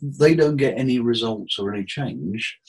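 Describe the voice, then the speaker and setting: Husky therapist guy, mid pitch, tells stories about clients and does their voices. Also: moderate pace, low-quality recording. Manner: animated storyteller acting out client dialogue. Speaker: therapist guest. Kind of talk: casual interview chat.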